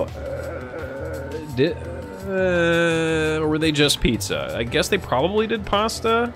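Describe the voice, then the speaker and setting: A man's voice: a little high, lively intonation, measured pace, few pauses, a bit bright, faint music behind. A young man chatting casually and profanely with his live-stream chat, rambling and joking. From United States.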